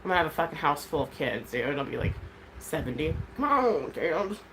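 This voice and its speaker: Woman, thirties, host of a casual livestream, rambling candid mom voice, slightly low, faint room hiss. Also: fast, a bit bright, poor audio. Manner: rambling, candid, swears freely.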